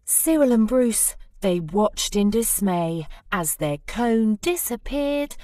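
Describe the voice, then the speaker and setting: A woman reads a rhyming children's storybook aloud, unhurried and very slow, her pitch leaping up and down as she dramatizes each line. The sound is close and dry, with no room around it. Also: dry recording. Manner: lively, expressive rhyming narration. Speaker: storybook reader.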